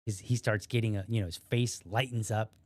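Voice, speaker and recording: A man in his thirties hosting a podcast, telling a personal story casually, rambling and animated with restarts and acted-out quotes. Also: lowish voice, brisk, dry recording, clean studio sound. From USA. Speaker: podcast host.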